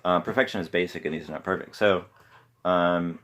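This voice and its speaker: A man's voice: low-pitched, fairly even intonation, brisk, fairly bright tone. A man hosting a podcast, lecturing in a loose, rambling way with many hesitations and self-deprecating asides. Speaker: podcast host.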